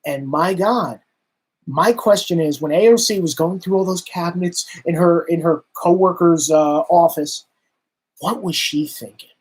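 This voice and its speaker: A man's voice: a little high, measured pace, breathy edge. Exasperated male political commentator. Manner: sarcastic, exasperated; emphatic, repetitive.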